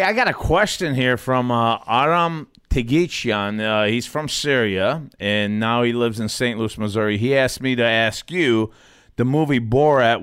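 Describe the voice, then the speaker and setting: A man's voice: medium pitch, clear, resonant tone, no room sound. Guy hosting a podcast, mid voice, easygoing, reacts a lot, dry close mic. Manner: easygoing, reacts with laughs and exclamations. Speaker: podcast host. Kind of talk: casual interview chat.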